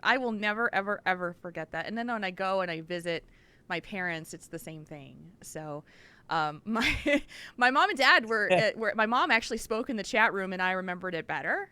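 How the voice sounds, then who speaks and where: Giggly woman with a bright, lively voice. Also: mid-range voice, brisk, clear, resonant tone. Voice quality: giggly, laughs often. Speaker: podcast co-host. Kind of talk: casual chat. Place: home living room.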